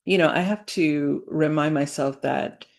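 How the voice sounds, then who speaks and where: Woman, low voice, slow unhurried delivery, halting with fillers and restarts, earnest reflective vlog talk. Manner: earnest, faith-centered. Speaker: business owner vlogging.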